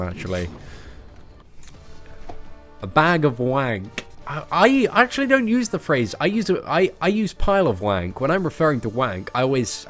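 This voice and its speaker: English male streamer, joking casual chat, animated pitch, faint music behind. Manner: chatty, joking, frequent restarts. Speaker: game streamer.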